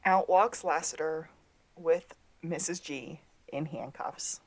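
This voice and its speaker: A woman co-hosting a podcast, casually retelling a TV episode and acting out the characters' lines. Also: low-pitched. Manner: storytelling, acts out quotes with drawn-out delivery. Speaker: podcast co-host. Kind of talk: casual episode recap chat.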